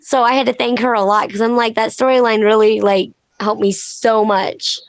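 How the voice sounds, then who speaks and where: A woman pro wrestler, a podcast guest, telling stories in a casual, animated way and acting out quoted dialogue. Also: on the high side, moderate pace, dry recording. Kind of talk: casual podcast interview storytelling.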